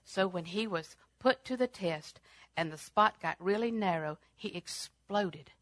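Her sermon moves from booming, emphatic statements to near-whispers, with phrases repeated to drive points home. She speaks on the low side at a measured pace, and there's no echo.

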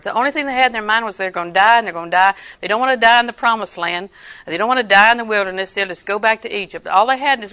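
Older woman preaching; bright, forceful, emphatic delivery, acts out quotes. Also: mid-range voice, racing, smooth. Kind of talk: sermon.

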